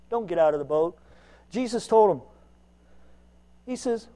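A man preaching a folksy, self-mocking sermon, swinging between loud emphasis and quiet asides. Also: high voice, animated, moderate pace, pauses often. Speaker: lay preacher.

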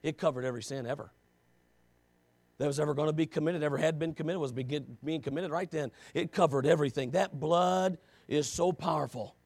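Man, preacher, sermon, high-pitched, gravelly, dry recording. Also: fairly quick, no room sound. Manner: swings from quiet, low talk to loud, shouted emphasis; repetitive rhetorical questions.

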